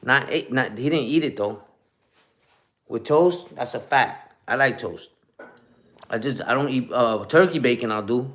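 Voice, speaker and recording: Going live on his phone, a fortysomething host keeps things casual, slangy, and chatty, responding to viewer comments and ending lines with "you heard?" His medium-pitched voice has a fairly bright tone, and he speaks a little slowly with frequent pauses.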